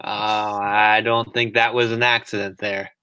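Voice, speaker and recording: Wry, bright-voiced male co-host. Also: fairly low pitch, little pitch movement, measured pace, clean tone, no echo, clean studio sound. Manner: wry, teasing, laughs easily. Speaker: podcast co-host. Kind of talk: casual sports podcast chat.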